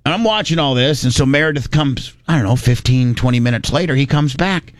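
A man's voice: medium pitch, fairly quick, no room sound. Folksy rambling man from Indiana. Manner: folksy, rambling, with frequent restarts. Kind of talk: casual storytelling.

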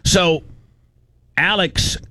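A man hosting a radio show, telling a story in animated, venting casual chat. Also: sits high, drawn-out words, dry recording.

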